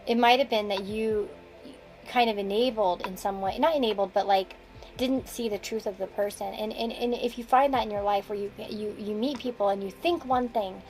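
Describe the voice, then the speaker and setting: A woman's voice: a little high, a little mellow, poor audio. A woman giving a casual tarot reading, rambling and restarting her sentences with frequent chuckles. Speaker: tarot card reader.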